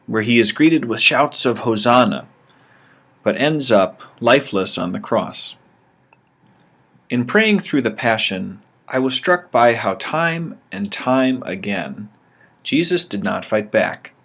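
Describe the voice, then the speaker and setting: A man, a religious brother, giving a scripted spiritual reflection in a measured, reflective and gently humorous way. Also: lowish voice. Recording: dull lo-fi recording.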